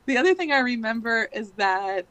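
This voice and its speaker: A podcast guest in her thirties speaks on the high side, expressive and a little fast, with a fairly bright tone and no room sound. Her long, casual story is chatty and full of fillers and "likes."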